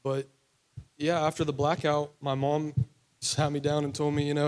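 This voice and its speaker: A man's voice: fairly high pitch, flat delivery, normal speed, darkish tone. A young man from West Virginia telling his personal recovery testimony in a candid, rambling way full of fillers. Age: young adult. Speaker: testimony speaker.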